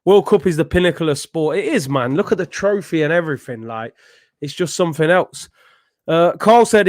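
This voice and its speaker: Streamer, British man, slightly high voice, relaxed slangy chat, dry room. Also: brisk, no echo. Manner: laid-back, slangy, reads out viewer comments. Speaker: watchalong host. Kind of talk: casual live-stream chat reading comments.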